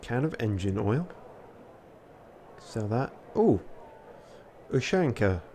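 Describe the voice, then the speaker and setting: A man's voice: big pitch swings, slow, mellow, a little hiss or hum. A tired man, a streamer muttering casual gameplay commentary, swearing now and then. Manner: low-key muttering, swears often. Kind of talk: casual gameplay commentary, reading game text aloud.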